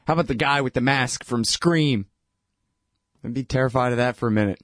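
A man's voice: medium pitch, brisk, fairly bright tone, no echo. Sarcastic guy ranting about politics, lots of dude and man, dry no-room sound. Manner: irreverent, sardonic, laughs at his own points; filler-heavy, says dude and man. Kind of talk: casual political commentary.

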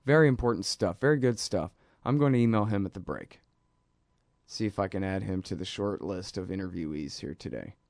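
A man's voice: low-pitched, creaky, darkish tone, dry recording, clean studio sound. Blunt slangy male radio host. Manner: blunt, slangy and fast-talking, trails off into mumbles. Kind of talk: casual talk radio monologue.

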